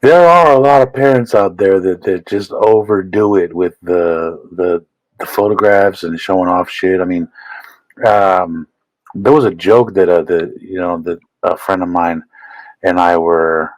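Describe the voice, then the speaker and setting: A man co-hosting a casual comedy podcast, talking in a halting way with repeated words and profanity. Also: sits low, no echo, rough recording. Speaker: podcast co-host.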